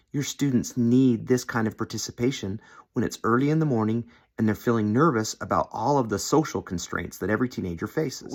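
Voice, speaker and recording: A man's voice: medium pitch, husky. A man training seminary teachers in an instructional video, friendly and demonstrating how to question students. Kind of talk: instructional video with classroom role-play.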